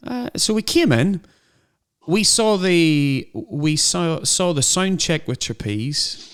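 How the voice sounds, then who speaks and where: A middle-aged man co-hosting a podcast, telling animated anecdotes in casual chat. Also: on the high side, slow pace, smooth. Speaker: podcast co-host.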